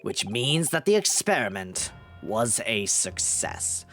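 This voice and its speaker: A man's voice: on the low side, big pitch swings, slow pace, fairly bright tone, faint music behind, voice pushed down, exaggerated voice. A man voicing a stern, formal male prosecutor in a courtroom game.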